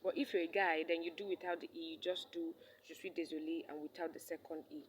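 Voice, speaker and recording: A woman's voice: low voice, steady tone, fast, low-quality recording. A woman teaching a French lesson in English, repeating each phrase and checking in with "all right?". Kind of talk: recorded language lesson.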